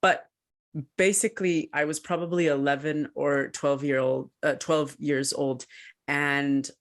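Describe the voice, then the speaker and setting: A woman co-hosting a podcast who tells her story in a casual way, animated and laughing often. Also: low voice, a little slow. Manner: animated, laughs often, acts out quoted voices. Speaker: podcast co-host and researcher.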